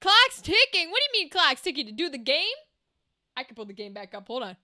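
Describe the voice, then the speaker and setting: Woman streamer, high bright voice, loose and profane with her chat. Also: sing-song, brisk. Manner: chatty, swears freely, laughs often. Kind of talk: casual chat with a live stream audience.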